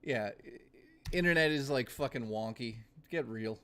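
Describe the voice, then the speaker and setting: A young adult man chatting casually on a live stream, ranting with lots of swearing and quick laughs. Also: mid-range voice, fairly bright tone. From Canada.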